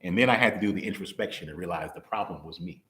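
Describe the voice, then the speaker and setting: A young man giving a conversational sermon, playful and animated, laughing often and acting out quick voices. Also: low-pitched. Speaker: preacher. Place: church hall. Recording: roomy echo.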